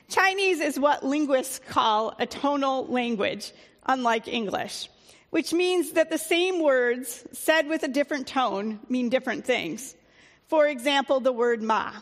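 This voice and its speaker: A woman pastor preaching in an easygoing, conversational way, with a few fillers along the way. Her voice sits a little high for a woman, and a long reverb trails after her words, as in a church sanctuary. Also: fairly bright tone. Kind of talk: sermon.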